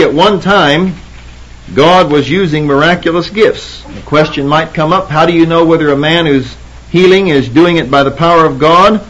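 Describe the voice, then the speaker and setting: A man teaching a Bible sermon in a fairly high voice. He reads scripture slowly, cites chapter and verse, and repeats words for emphasis. The sound is dull and lo-fi, like an old tape. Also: fairly bright tone, breathy edge.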